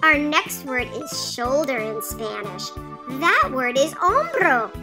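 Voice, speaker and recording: A woman's voice: sits high, sing-song, slow pace, full character voice. A woman voicing a cheerful little girl puppet who teaches in a sing-song, encouraging way in a children's puppet lesson. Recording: children's music playing behind.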